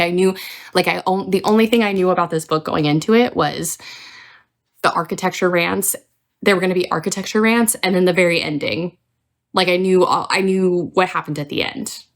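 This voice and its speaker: A young adult woman hosting a casual book review video, ranting with plenty of swearing. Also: fairly low pitch. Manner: ranting, profane, animated.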